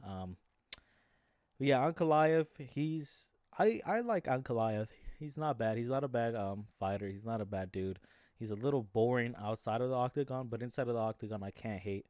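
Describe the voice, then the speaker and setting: A man rambles casually at a close mic, circling back with fillers and restarts. His voice sits mid-pitched, and the recording is dry with no room sound. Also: moderate pace, a little mellow, no room sound. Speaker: MMA commentary YouTuber. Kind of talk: casual talk.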